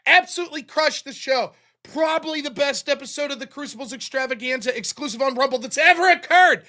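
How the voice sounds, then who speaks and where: A man hosts his own live stream, rambling through his day in a loose, profane, self-mocking way. His voice sits high for a man and sounds bright and sharp. He jumps between crude jokes and half-apologies without slowing down. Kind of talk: casual live-stream monologue.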